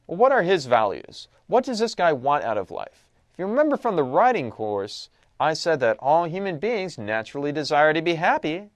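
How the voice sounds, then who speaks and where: A man recaps a lesson casually, reading passages aloud and asking questions he answers himself. His mid-range voice is conversational and the recording is dry.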